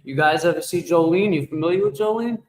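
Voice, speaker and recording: A fairly high-voiced man rambles and jokes through a casual livestream, answering his chat as he goes. His voice carries a big shower-like echo effect. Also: fast talker, a little hiss or hum. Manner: rambling, joking, talks back to chat. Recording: echoey reverb effect on voice.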